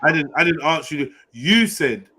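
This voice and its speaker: A man hosting a live online panel, insistent, cutting in, and stressing words slowly. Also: on the high side, expressive, pushed and bright, husky. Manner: insistent, interrupts, slow deliberate emphasis. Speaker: panel host. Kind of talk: heated casual debate.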